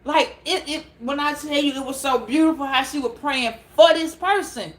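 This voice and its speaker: A woman telling a story casually to camera, animated and laughing, repeating words as she goes. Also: high voice, normal speed. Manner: animated, laughing, repeats words, calls listeners girl and child. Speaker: tarot reader.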